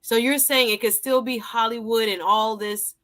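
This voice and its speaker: A woman hosting a live call-in show, briskly affirming callers and moving them along. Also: fairly high pitch, steady tone, sharp tone. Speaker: host.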